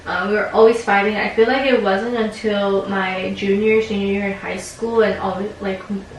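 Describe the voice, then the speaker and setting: A woman's voice: mid-range voice, level tone, normal speed. A woman in her twenties, speaking as a client in a counseling session, reflective and hesitant with many fillers. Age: 20s. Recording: very echoey room, distant mic, faint noise.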